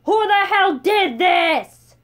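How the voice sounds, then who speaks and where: A woman voicing a bad-tempered man in charge who yells in fury, in a self-read story. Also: extremely high pitch, expressive, slow, voice pushed up, full character voice. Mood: furious. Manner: shouting, furious.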